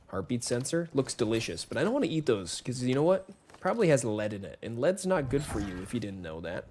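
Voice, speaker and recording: A man's voice: fairly low pitch, very animated, fairly quick, darkish tone, slight background noise. A man live-streaming a shooter game, chatting casually with viewers and greeting them by name in a rambling, friendly way. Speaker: gaming streamer. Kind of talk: casual live-stream chat while playing.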